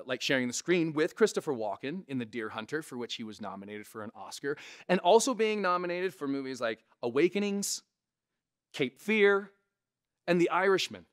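A man with a resonant voice, a comedian casually teaching impressions to camera, animated and conversational. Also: on the high side. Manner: animated, conversational, frequent "right?" asides. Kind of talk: casual instructional talk to camera.

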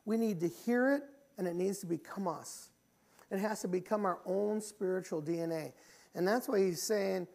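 A man's voice: high-pitched, moderate pace, a little mellow. Earnest middle-aged male pastor preaching. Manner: earnest, repeats words as he restarts, often clears his throat. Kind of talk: sermon.

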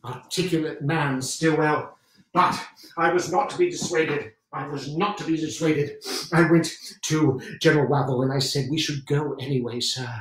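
A zealous, excitable British WWII general , played by a man in a one-man stage show, who hammers his points home by repeating them. His voice sits fairly high, and the theatrical monologue comes from a distant mic in a roomy space. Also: moderate pace, natural voice.

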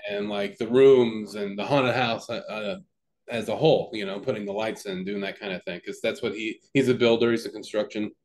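A man's voice: lowish voice, fairly even intonation, brisk, darkish tone. Young male podcast co-host; loose, profane storyteller, heavy on fillers and restarts. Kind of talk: casual chat.

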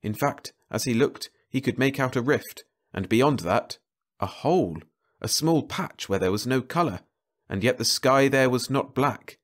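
A man narrating a science fiction novel as an audiobook, with a slow, even storytelling delivery. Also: mid-range voice.

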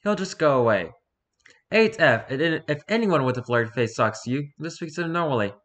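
A man reading a rules-style horror story aloud for his channel, lively, with occasional stumbles and restarts. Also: fairly high pitch, a little fast. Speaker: YouTuber reading horror stories.

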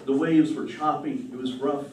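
A man storyteller telling a myth to a live audience, relaxed and unhurried, echoing his own phrases. His voice is mellow and dark, heard from afar with a roomy echo and faint noise. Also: mid-range voice. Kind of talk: storytelling performance. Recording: roomy distant hall mic.

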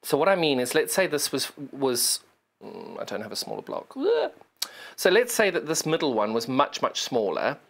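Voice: medium pitch, sing-song, moderate pace, gravelly, fairly bright tone. A presenter doing a live TV sewing demonstration, chatty and self-deprecating, explaining step by step while working and talking to the sewing machine. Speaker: shopping channel sewing presenter.

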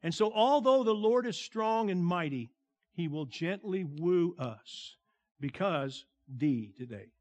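Slow, deliberate high-voiced male preacher. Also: expressive. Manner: slow, deliberate preaching that drops to a hushed tone and swells on emphasis. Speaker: pastor. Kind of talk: sermon.

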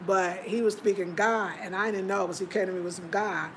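A woman hosting a casual livestream from home, chatting and reading out viewer comments in an animated, talkative way. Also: medium pitch, a little fast, slight background noise. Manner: animated, chatty, breaks into laughter. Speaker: livestream host.

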